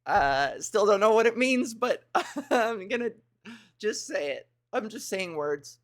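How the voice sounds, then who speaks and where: Woman goofing around on a live comedy stream, rambly and kinda crude, mid pitch, just chatting to chat. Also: lively intonation, slow. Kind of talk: casual livestream chat with viewers.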